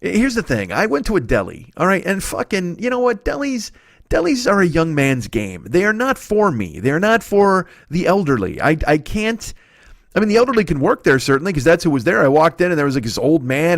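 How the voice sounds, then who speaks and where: A man's voice: a little high, big pitch swings, a little fast, dry recording, studio quality. A man in his forties hosting a solo comedy podcast, telling a rambling, profane story. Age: 40s. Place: home studio.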